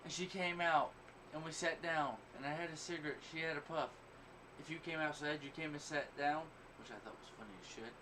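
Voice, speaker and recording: A man's voice: a little high, steady tone, brisk. A man hosting a crude, casual podcast chat, telling blunt, profane, boastful stories. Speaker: podcast host. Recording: distant mic, noisy background.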